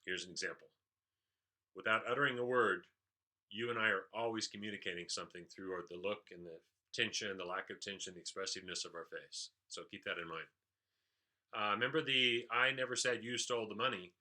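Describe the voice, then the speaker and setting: A man's voice: low-pitched, fairly quick, pushed and bright. A man leadership trainer giving an explanatory recap of a training session, with frequent "uh" fillers.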